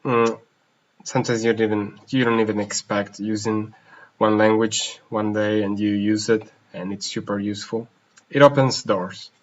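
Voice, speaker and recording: Speaking at a moderate pace in a lowish, steady voice, a man runs a casual live question-and-answer stream as a language teacher. He reads each viewer question aloud and switches languages partway through sentences, all on slightly dull lo-fi audio.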